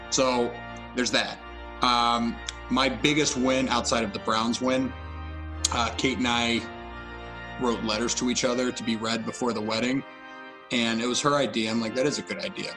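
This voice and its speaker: A man's voice: medium pitch, rough recording. A young man co-hosting a podcast, telling a story in a casual, self-mocking way. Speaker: podcast co-host. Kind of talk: casual chat.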